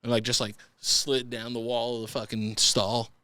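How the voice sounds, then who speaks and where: A man's voice: mid-range voice, flat delivery, normal speed, sharp tone, no echo. A young man hosting a comedy podcast, reading listener stories and riffing crudely, often slipping into silly voices. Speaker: podcast host.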